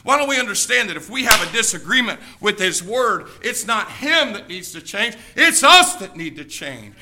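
A male pastor preaching a fiery sermon, emphatic, swinging between shouted passages and hushed ones. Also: sits high, big pitch swings, moderate pace, a little hiss or hum.

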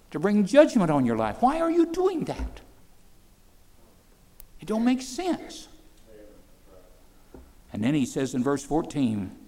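A man's voice: fairly high pitch, warm tone, long reverb tail. A man preaching a sermon, pressing his listeners with rhetorical questions and rising to fervent peaks.

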